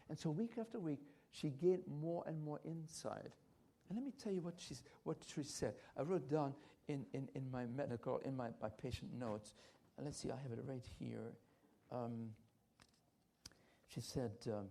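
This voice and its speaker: A man's voice: mid-range voice, normal speed, creaky, mellow. An older man giving a church health lecture, emphatic and repetitive, with frequent hesitant restarts. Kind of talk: health talk at a church conference.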